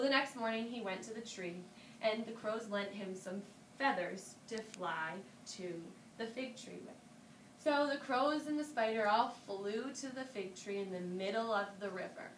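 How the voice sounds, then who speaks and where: A woman telling a folk tale to children, animated and inviting her listeners to join in. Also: on the high side, measured pace. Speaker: storyteller. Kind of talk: interactive storytelling for children. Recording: roomy, distant mic with ambient noise.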